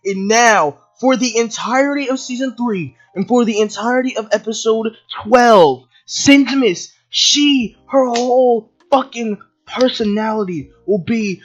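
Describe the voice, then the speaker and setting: A woman ranting in a video review. She is profane and exasperated and often breaks into shouts. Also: on the high side, unhurried, hardly any pauses, muffled recording. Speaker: video commentator. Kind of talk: angry review rant.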